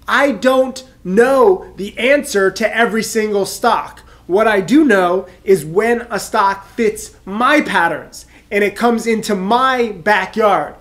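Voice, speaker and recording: A man's voice: sits high, measured pace, few pauses, fairly bright tone. A man in his thirties with a stuffed-up head cold, talking straight to camera as a trading mentor in an emphatic, rambling, self-assured way. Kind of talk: direct-to-camera vlog monologue.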